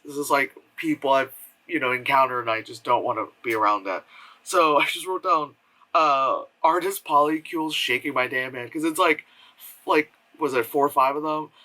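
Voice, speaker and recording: A man's voice: mid-range voice, moderate pace, pushed and bright, poor audio. A man giving a casual spoken film review from home, rambling with lots of fillers and acting out quotes in mocking voices. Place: home room with air purifier hum.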